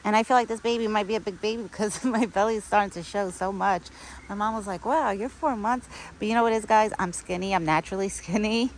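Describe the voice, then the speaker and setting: A young pregnant woman talks casually to her camera outdoors, stringing thoughts together with frequent "like" fillers. Her voice sits in a middle register, gentle and affectionate. A faint outdoor noise runs underneath. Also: mid-range voice, fast, rough recording. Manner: chatty, sprinkles talk with "like", soft and affectionate. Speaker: vlogger. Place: outdoors on a windy cold day.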